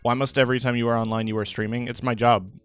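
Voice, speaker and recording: A man's voice: medium pitch, fast talker, clean tone, faint music behind. A young man streaming live, chatting casually with his audience in a rambling, tired way full of fillers. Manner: rambling, relaxed, talks to chat with fillers. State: tired, yawning.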